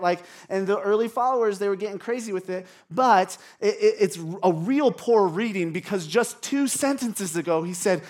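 Male pastor, high register, casual candid sermon delivery with self-deprecating asides. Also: normal speed, hardly any pauses, darkish tone. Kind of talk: conversational sermon. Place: church congregation.

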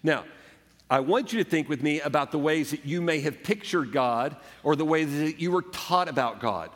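A man's voice: fairly high pitch, expressive, moderate pace. A man preaching a sermon as a pastor, earnest and conversational, acting out the quotes. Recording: echoey hall.

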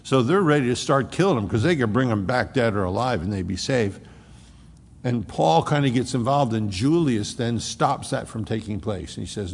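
A man's voice: on the low side, animated, normal speed, creaky, husky, big-room sound. A man preaching a sermon, retelling scripture in a folksy, storytelling way with casual asides.

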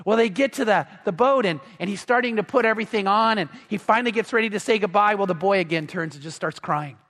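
A man's voice: high voice, fast, a bit bright. A man preaching a sermon, telling a story in a conversational way with repeated words and fillers. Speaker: pastor. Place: church. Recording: long church hall reverb.

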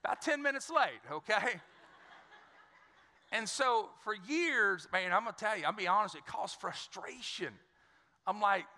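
A man's voice: high-pitched, moderate pace, long pauses, bright, forceful tone. A man preaching a sermon to his congregation, emphatic and repeating words, calling out for responses. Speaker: pastor. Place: church sanctuary. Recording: church hall reverb.

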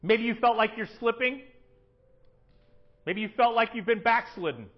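High-voiced man preaching a sermon. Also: normal speed, muffled recording. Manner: animated preaching, acting out prayers in a raised voice. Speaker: pastor. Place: church sanctuary.

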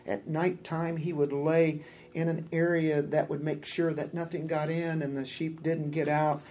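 A man's voice: on the high side, a little mellow, breathy edge. A man preaching a verse-by-verse sermon in a conversational way, with many fillers and repeated words.

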